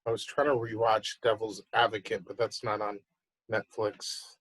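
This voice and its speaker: A man's voice: on the low side, flat delivery, moderate pace, fairly bright tone, poor audio. A man co-hosting a podcast, chatting casually and laid-back, mostly giving short replies. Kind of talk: casual chat.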